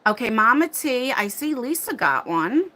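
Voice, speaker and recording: A woman hosting a casual livestream chat from her phone, flustered and chatty as she thinks out loud. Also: fairly high pitch, very animated, normal speed. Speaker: livestream host. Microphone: phone mic.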